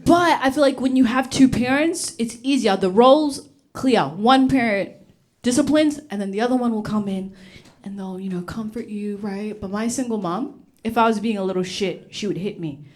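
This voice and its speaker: A woman's voice: on the high side, normal speed, a little mellow. A young woman from Uganda performing a stand-up comedy set on stage before a live audience, with a brash, punchy delivery. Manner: brash, punchy delivery with laughs between jokes.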